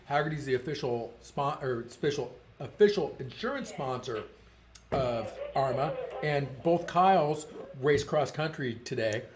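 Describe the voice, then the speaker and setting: A man's voice: medium pitch, expressive, measured pace. A man co-hosting a race stream, chatting casually and ad-libbing sponsor thank-yous in a loose, joking way. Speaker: stream co-host.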